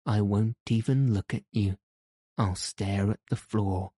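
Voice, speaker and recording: A man voicing a stubborn, sharp-tongued young girl with blunt, sour retorts. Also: lowish voice, slow pace, no room sound, clean studio sound. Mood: defiant.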